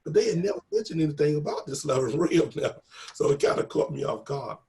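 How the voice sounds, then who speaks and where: Gravelly man telling an earnest story. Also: a little high, expressive, fast talker, darkish tone. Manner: earnest, emotional retelling with quoted dialogue. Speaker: guest telling his story. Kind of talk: casual storytelling.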